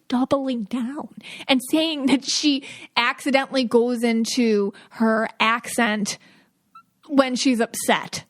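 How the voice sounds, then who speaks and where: Woman podcast host, higher voice, chatty and rambling, casual talk. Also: fairly bright tone. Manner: chatty, quick asides, frequent fillers. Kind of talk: casual chat.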